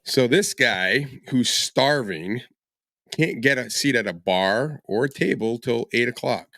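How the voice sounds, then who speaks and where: Animated male podcast host telling stories. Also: mid-range voice, a little slow, no echo, clean studio sound. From northern United States. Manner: animated storyteller who acts out quoted people and laughs often. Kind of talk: casual storytelling chat.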